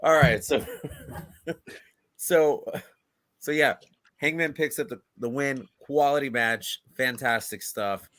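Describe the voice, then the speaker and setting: Bright-toned, blunt man. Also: mid-range voice, slow pace, long pauses. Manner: blunt, exasperated. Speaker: podcast co-host. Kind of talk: casual chat.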